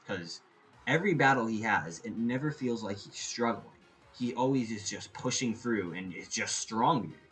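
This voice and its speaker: A man giving a casual, opinionated review, rambling and animated, often restarting his sentences. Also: fairly low pitch, low-quality recording. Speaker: anime reviewer.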